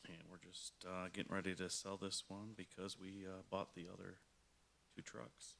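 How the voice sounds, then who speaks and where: A man with a very deep, flat voice explains agenda items to a school board. He talks hesitantly, full of fillers. A faint hiss runs under him. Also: normal speed, vocal fry. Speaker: school administrator presenting items. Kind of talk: explaining at a public meeting.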